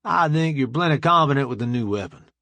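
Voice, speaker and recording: A man's voice: mid-range voice, lively intonation, a little fast, creaky, bright, forceful tone, no room sound. A man doing an eager, deferential crewman.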